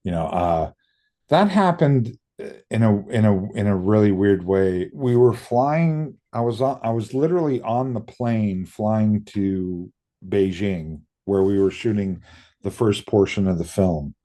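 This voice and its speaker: Brief: middle-aged man, low mellow voice, casual interview guest spinning anecdotes and mimicking the people in them. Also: unhurried. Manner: lively storyteller who acts out quoted voices, casual swearing. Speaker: interview guest, makeup effects artist.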